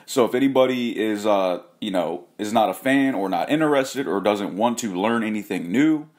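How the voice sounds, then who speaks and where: A man's voice: lowish voice, expressive, normal speed, darkish tone. A man hosting a casual rant vlog, talking in a rambling, profane way with frequent restarts and self-corrections. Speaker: host.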